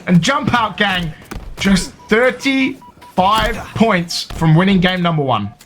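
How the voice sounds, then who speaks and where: Bright-voiced southern English esports caster. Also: male voice, sits high, faint music behind. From southern England. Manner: rapid excitable play-by-play, jokey. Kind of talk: live esports commentary.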